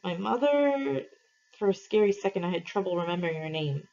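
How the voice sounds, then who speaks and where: A woman teacher reading a novel aloud to her class, in an expressive, measured way, in a dull lo-fi recording. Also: medium pitch, creaky.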